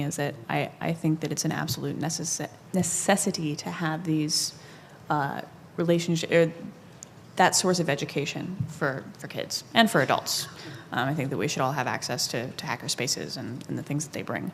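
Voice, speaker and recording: A woman with a low voice speaks on a conference panel. She talks haltingly, restarting her phrases and filling gaps with fillers. A faint hiss sits under her voice. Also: big-room sound. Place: conference room.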